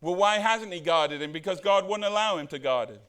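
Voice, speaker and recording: Male pastor, high register, casual sermon delivery, lots of rhetorical questions. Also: animated, a little fast, fairly bright tone, clear, resonant tone. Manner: conversational, rhetorical questions, acts out quoted lines.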